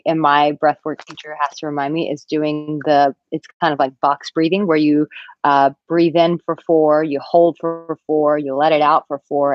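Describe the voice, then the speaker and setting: A woman in her thirties, a dating and relationship coach, chatting on a live-stream Q&A and reading out viewer comments. She talks animatedly and acts out quotes in a high, squeaky voice. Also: dry recording, dull audio. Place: villa room, at home.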